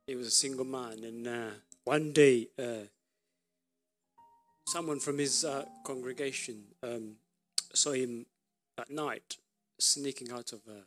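A man's voice: mid-range voice, fairly even intonation, fairly bright tone, soft background music. Man preaching a storytelling sermon. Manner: storytelling sermon, pauses and restarts. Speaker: pastor.

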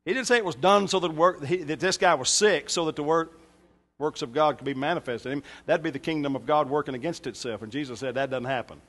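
A man's voice: on the high side, fast. A male pastor preaching a sermon in a church, emphatic, with joking asides to the congregation. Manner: emphatic, bursts louder for scripture and punchlines. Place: church sanctuary.

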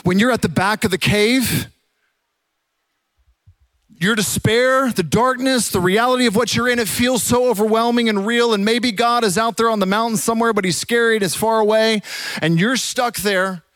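A man preaching a sermon as a pastor, telling the story with animated energy and dropping to a hush for the quiet parts. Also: high voice, normal speed, dry recording. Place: church.

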